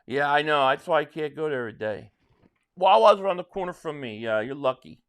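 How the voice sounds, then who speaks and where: Chatty, rambling man with a high voice. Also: expressive, fairly quick, a bit bright, clear, resonant tone. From South Jersey, near Philadelphia. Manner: rambling and chatty, with frequent restarts. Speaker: live stream host. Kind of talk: casual live stream chat answering viewer comments.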